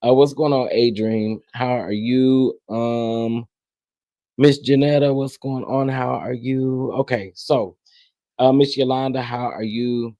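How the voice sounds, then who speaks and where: A man hosting a casual live stream, greeting chat viewers one by one and sounding irritated, with halting restarts. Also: mid-range voice, steady tone, warm tone, no room sound, lo-fi sound. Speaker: livestream host. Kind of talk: casual livestream commentary.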